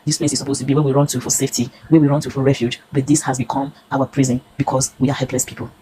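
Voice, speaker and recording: Nigerian woman, 50s, earnest testimony, rapid-fire delivery, mellow low tone. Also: little pitch movement, slight background noise, low-quality recording. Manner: earnest, pleading, storytelling. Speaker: consumer reviewer. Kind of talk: emotional personal testimony.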